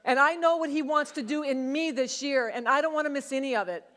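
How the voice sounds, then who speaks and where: A middle-aged woman pastor preaching a sermon, telling a personal testimony in a conversational, animated way. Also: sits high, fairly quick. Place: church sanctuary. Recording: long church hall reverb.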